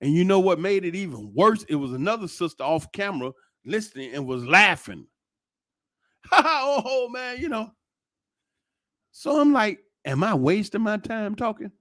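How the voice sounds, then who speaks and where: A man's voice: high-pitched, measured pace, pauses often, no echo, clean studio sound. A middle-aged man telling stories to his channel in a loose, rambling monologue, full of restarts and exclamations. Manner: animated, rambling storyteller with frequent restarts and exclamations. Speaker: channel host. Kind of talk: casual commentary monologue.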